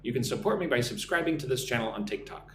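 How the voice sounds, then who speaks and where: Man teaching English, lively pitch. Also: echoey room, background noise. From United States. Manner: slow, clear drill phrasing for learners. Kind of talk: live-stream English lesson.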